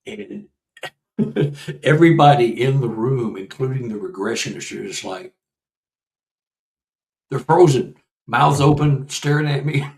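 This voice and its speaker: A man in his sixties, a guest researcher and author, telling a personal story in a casual conversation, animated and laughing as he acts out what people said. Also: mid-range voice, a little slow, gravelly, long pauses, echoey room, far from the mic, rough recording. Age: 60s.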